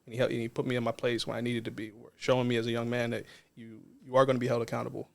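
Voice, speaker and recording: A man's voice: mid-range voice, little pitch movement, rapid-fire, vocal fry. A man, a non-profit co-founder, telling a personal story in a casual interview in an earnest, reflective way.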